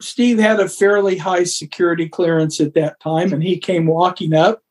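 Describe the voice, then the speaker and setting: A man's voice: high voice, fairly even intonation, moderate pace, darkish tone. A man, a guest on a podcast, chatting casually and telling teasing stories about old times. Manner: joking storyteller, teasing. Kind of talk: casual chat.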